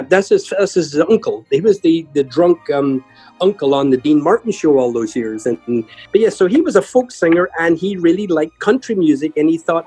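An older man, a guest musician, telling humorous stories in a chatty, lively way. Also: on the high side, slightly rough, rough recording. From Ireland. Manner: chatty, humorous anecdotes with lively voiced quotes. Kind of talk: conversational storytelling.

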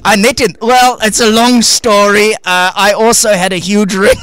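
A man's voice: high voice, flat delivery, normal speed, fairly bright tone, faint music behind, low-quality recording. Man voicing a brash cheeky puppet. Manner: brash, teasing, cracking insult jokes. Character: cheeky rude male puppet, brash and teasing. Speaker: ventriloquist puppet guest. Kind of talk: radio studio banter. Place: radio studio.

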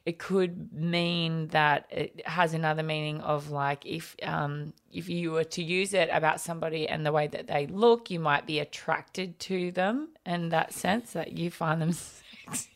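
A woman's voice: low-pitched, a little slow. A woman telling a family story in casual chat, laughing often as she goes. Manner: animated, laughs often while telling stories.

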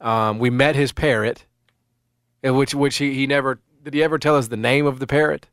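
A man's voice: mid-range voice, fairly even intonation, a little fast, fairly bright tone, smooth, no room sound, clean studio sound. A middle-aged man hosting casual sports talk, rambling with many restarts and fillers.

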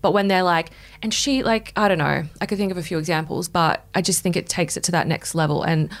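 A woman's voice: on the low side, steady tone, fairly quick. A woman who works as an entertainment reporter, chatting candidly on a podcast, swearing freely and acting out what people said. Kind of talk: casual podcast chat.

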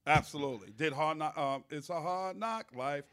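Animated, profane male podcast host. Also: fairly high pitch, normal speed, a crowd in the background. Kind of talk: casual storytelling chat.

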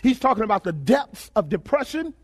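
A male preacher delivering a sermon in a call-and-response style, repeating his phrases and rising to shouts. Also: sits high, big pitch swings, fairly quick.

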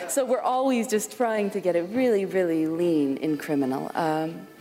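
A woman with a low, mellow voice chats casually about her work. She is animated and laughs easily, and she often breaks off mid-sentence to start again. Her voice carries a long hall reverb. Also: moderate pace, soft background music. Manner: animated, laughing, self-interrupting. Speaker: podcast co-host, guest. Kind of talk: casual conversation.

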